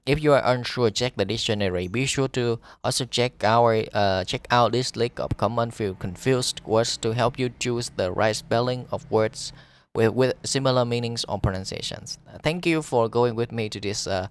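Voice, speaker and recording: A man with a Vietnamese accent, a teacher reading an English lesson aloud, pausing often on fillers and restarts. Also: mid-range voice, clear, resonant tone.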